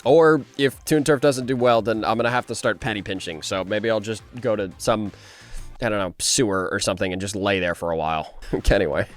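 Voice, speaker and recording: A young man doing casual reaction commentary, rambling and jumpy, often laughing and breaking into high shrieks of surprise. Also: steady tone, fairly quick, faint music behind. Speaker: animator and video host.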